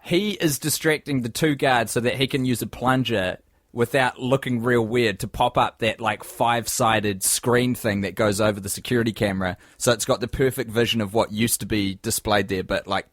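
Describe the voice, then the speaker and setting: A man's voice: lowish voice, steady tone, normal speed, no echo, studio quality. A man co-hosting a podcast, explaining a movie scene in a casual, emphatic way. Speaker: podcast co-host.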